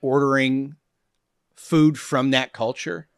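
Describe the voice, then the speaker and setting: A man's voice: medium pitch, fairly even intonation, takes it slowly, dry recording, studio quality. A man in his fifties, a guest comedian, chatting casually on a podcast, rambling and searching for words as he goes. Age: 50s. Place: podcast studio.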